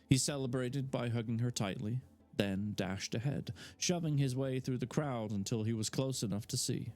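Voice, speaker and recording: A man's voice: lowish voice, moderate pace, a little mellow, soft background music. A man reading a fantasy novel aloud live, narrating with casual asides. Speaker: audiobook reader.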